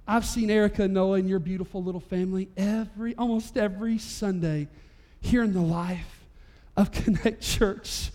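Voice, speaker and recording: Male pastor, unusually high voice; animated storytelling sermon delivery. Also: moderate pace. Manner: storytelling, animated, voice rising to near-shouts at climaxes. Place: church sanctuary.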